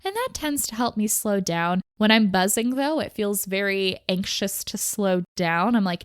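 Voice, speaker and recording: A young woman talks in a candid, chatty podcast style, her everyday voice sitting at a middle pitch. She rattles along in quick bursts, full of "like", and the recording is close and dry with no room around her. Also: animated, no echo. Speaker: podcast host. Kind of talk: casual personal talk on mental health.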